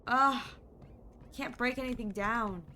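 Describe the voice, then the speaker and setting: A woman's voice: a little high, slow pace, bright, forceful tone, a little hiss or hum. A woman streamer playing a game, thinking aloud in a playful, casual way. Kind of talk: casual game commentary reading game text.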